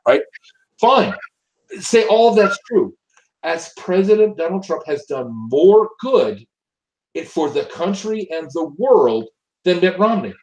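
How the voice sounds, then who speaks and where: Man, political commentator, casual opinion talk, emphatic, stumbles and repeats, slightly high voice. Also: a little mellow, low-quality recording. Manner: emphatic, repeats and restarts words.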